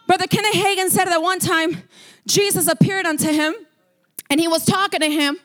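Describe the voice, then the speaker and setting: Preaching in a very high-pitched voice, this woman pastor drifts between soft narrative passages and booming, drawn-out declarations. She often repeats herself and starts words over.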